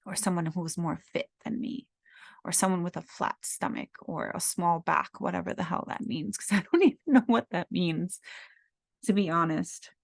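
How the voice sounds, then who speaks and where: A woman's voice: on the low side, moderate pace, creaky, no echo, clean studio sound. A woman in her thirties hosting a podcast, talking in an earnest, heartfelt, rambling way and repeating herself as she reflects. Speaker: podcast host. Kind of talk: reflective personal talk.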